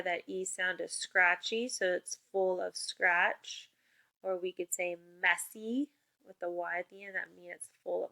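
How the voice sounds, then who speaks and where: A woman teacher giving a remote spelling lesson to young children, upbeat and encouraging, with clear call-and-response prompts. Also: fairly low pitch, sharp tone.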